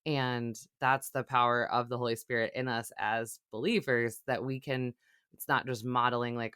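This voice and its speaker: A man's voice: mid-range voice, flat delivery, moderate pace, pushed and bright, clear, resonant tone, no room sound, studio quality. A man speaking earnestly and affirmingly in a roundtable discussion. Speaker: discussion participant.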